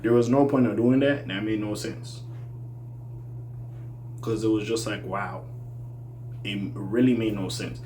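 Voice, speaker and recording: Animated man reviewing an album. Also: on the low side, measured pace, long pauses, noisy background. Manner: animated, loose and conversational with sudden loud bursts. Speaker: music reviewer. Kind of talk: casual commentary.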